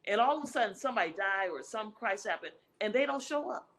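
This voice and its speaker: Bright, emphatic woman relationship expert. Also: medium pitch, animated, quick pace, a little hiss or hum, poor audio. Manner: emphatic, preacher-like, repeats key phrases. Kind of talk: conversational interview answers.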